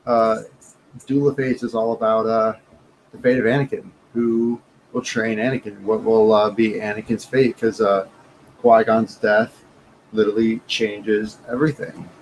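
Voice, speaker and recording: A man's voice: fairly low pitch, level tone, a little slow, darkish tone, slight background noise, low-quality recording. A man co-hosting a casual podcast who rambles along with hesitant fillers. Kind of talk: casual chat.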